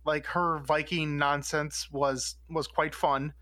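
Male co-host, bright and playful, higher voice, dry recording. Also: little pitch movement, slow, no room sound. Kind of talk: casual chat.

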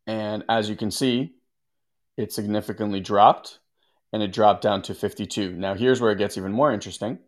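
On a casual live stream, a meditation teacher talks to viewers in a fairly low, fairly even voice at normal speed. He rambles conversationally, often restarts sentences, and reads out viewer comments.

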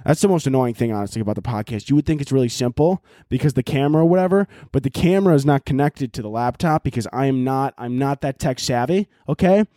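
A young man hosting a solo podcast at home, talking in a loud, profane, animated rant and shouting at times, recorded on laptop audio. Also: mid-range voice, fast talker, hardly any pauses, no room sound, clean studio sound. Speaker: podcast host.

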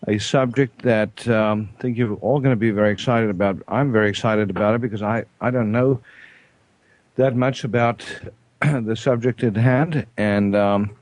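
A South African man hosting a studio talk show, hesitant, with frequent throat clearing and fillers. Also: on the low side, fairly even intonation, moderate pace, darkish tone, dry recording. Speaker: host. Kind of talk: casual radio talk show.

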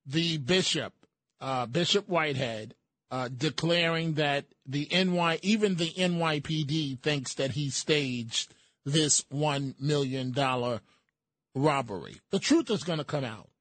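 A male host delivering opinionated news commentary at a slow, deliberate pace. His voice sits a little high for a man, and his sardonic, emphatic remarks are broken up by frequent fillers. The sound is dry and close, with no room behind it. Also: a bit bright, dry recording.

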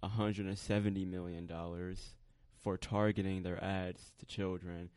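A young man co-hosting a podcast, talking in a laid-back, steady way. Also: sits low, unhurried, dry recording. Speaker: podcast co-host. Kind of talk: casual chat.

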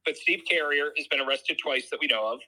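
A man's voice: a little high, a little fast, bright, forceful tone, rough recording. A man co-hosting a podcast, explaining a long story in casual chat and often agreeing. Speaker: podcast co-host.

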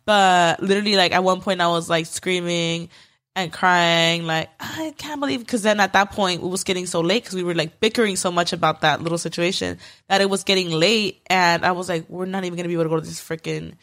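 A woman's voice: fairly low pitch, brisk. A young woman co-hosting a podcast, telling a story in casual chat with lots of fillers and cursing. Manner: animated storytelling, swears freely, lots of fillers. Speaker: podcast co-host.

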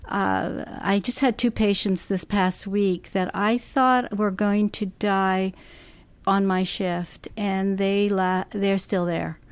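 A middle-aged woman, a hospice nurse, answering interview questions in a slow, gentle, thoughtful way with many restarts. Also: mid-range voice, clear, resonant tone, no room sound.

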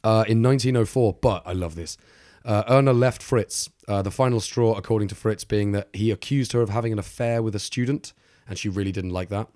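Man with a lowish voice, dry and close, for casual true-crime podcast banter. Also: mellow, no room sound. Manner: chatty storyteller, filler-heavy, quick to laugh. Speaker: podcast co-host.

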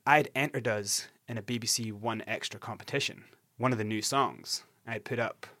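Scottish guy in his 40s, animated, swears a lot, keeps restarting, dry close mic. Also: on the low side, moderate pace, no echo. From Scotland. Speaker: interview guest. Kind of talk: candid storytelling interview.

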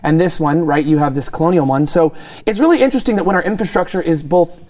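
A man's voice: fairly high pitch, quick pace, darkish tone. A man who is a guest commentator, chatting casually about politics in a joking, sarcastic way and laughing often.

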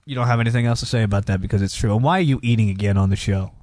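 A man's voice: lowish voice, very fast, a little mellow, no room sound. A young man hosting a casual radio show, teasing his co-hosts and rambling with restarts. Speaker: host.

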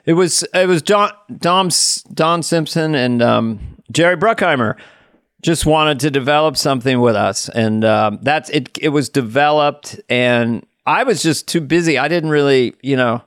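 A man's voice: fairly high pitch, measured pace, a bit bright, clean tone, no echo, clean studio sound. An older man reminiscing in a casual chat, laughing often and quoting silly lines. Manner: giggly, reminiscing.

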